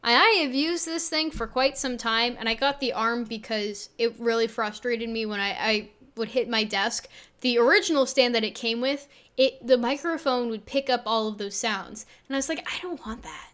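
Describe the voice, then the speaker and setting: A woman with a voice that sounds younger than her age, giving halting, self-deprecating reaction commentary, with many restarts, on a USB desk mic. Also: a little high, a bit bright. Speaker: video creator and game developer. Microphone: Blue Yeti on an arm.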